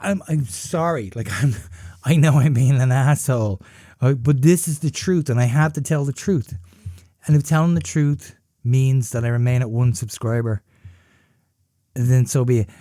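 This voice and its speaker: A man's voice: medium pitch, moderate pace, mellow, no room sound, studio quality. Rambling, profane man telling a story. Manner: rambling and profane, heavy on fillers like "you know" and "right?". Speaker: podcast host. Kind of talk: casual comic storytelling.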